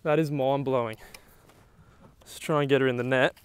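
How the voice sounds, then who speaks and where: A young man talking outdoors on the water while fishing, exclaiming excitedly to the camera. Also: medium pitch, moderate pace, clear, resonant tone. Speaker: fishing vlogger.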